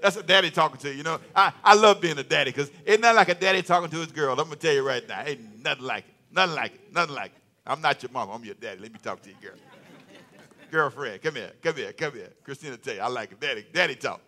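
A man preaching a sermon in a lively, conversational way, with comic asides and repeated phrases. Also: fairly high pitch, quick pace. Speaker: pastor.

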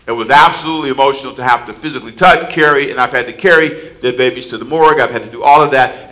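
A man preaching a sermon, telling a story with dramatic swings from quiet asides to shouted climaxes and calling the congregation to respond. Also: fairly high pitch, poor audio. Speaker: pastor.

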